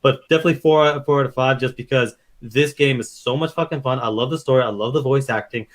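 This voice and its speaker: A young man rattles through his opinions at a fast clip, animated and profane, slipping into acted-out quotes. His pitch sits in the middle for a man. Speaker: podcast co-host. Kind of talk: casual review chat.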